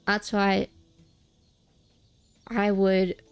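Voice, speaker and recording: A young woman talks in a loose, rambling way while she streams a game, circling back and restarting her sentences. Her mid-pitched voice carries a gravelly, fried edge, and soft game music plays faintly underneath. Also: completely flat delivery, extremely slow. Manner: rambling, chatty, restarts often. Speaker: VTuber streamer.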